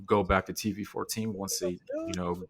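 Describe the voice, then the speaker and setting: A man in casual wrestling chat, talking in an excited, conversational way. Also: deep voice, normal speed, crowd noise. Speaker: podcast co-host.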